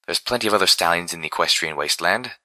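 A man's voice: low voice, quick pace, pushed and bright, no echo, poor audio. A man voicing a dramatic, prim young mare, theatrical and petulant, in an audiobook reading. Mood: indignant.

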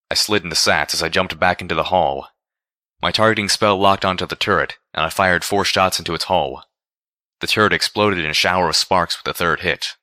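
Low, bright-toned male story narrator. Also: fairly even intonation, brisk, dry recording, studio quality. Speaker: audiobook narrator. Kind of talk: first-person story narration.

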